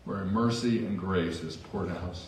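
A man's voice: low voice, unhurried, darkish tone, far from the mic, slight background noise. A man preaching a sermon as pastor in a church, conversational with self-deprecating asides. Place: church sanctuary. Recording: echoey church hall from afar.

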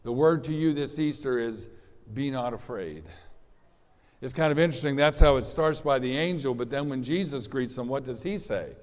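A man's voice: mid-range voice, normal speed, darkish tone. Conversational male pastor in a reverberant hall. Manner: conversational, rambling with restarts and asides. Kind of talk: sermon.

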